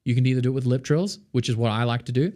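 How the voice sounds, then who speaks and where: A man's voice: medium pitch, racing, warm tone. Chatty Australian man giving a vocal lesson. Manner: chatty, lots of fillers, sings demonstrations. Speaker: vocal coach.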